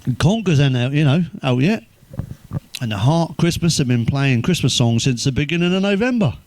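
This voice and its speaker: A man's voice: a little high, normal speed, a little hiss or hum. Swearing English man telling crude jokes. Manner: swears constantly, deadpan one-liners, chuckles at own jokes. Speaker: stand-up comedian. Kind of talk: crude stand-up joke telling.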